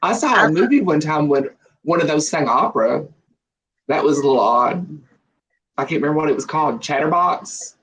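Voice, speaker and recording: A man's voice: on the high side, expressive, fairly quick, fairly bright tone, low-quality recording. A man, chatting casually on a live stream and telling joking stories with frequent laughter. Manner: joking storyteller, laughs often.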